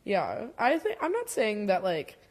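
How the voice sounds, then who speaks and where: A woman's voice: medium pitch, huge pitch swings, unhurried, a little mellow. A young adult woman chatting casually on a podcast, with lots of filler words. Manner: chatty, heavy use of "like" fillers. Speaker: podcast guest or co-host. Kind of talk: casual chat.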